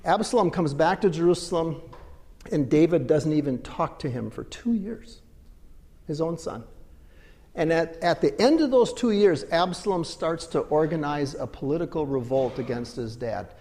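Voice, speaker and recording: A man preaching a sermon as a pastor, swinging between loud emphatic bursts and low, quiet asides. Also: lively intonation, moderate pace, in a large hall.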